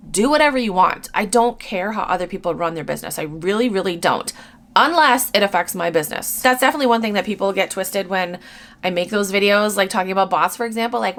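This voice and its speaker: A woman's voice: medium pitch, a bit bright. A woman in her thirties, an online reseller answering viewer comments in a casual to-camera vlog, talking bluntly and swearing casually. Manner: candid and blunt, swears casually, laughs between points.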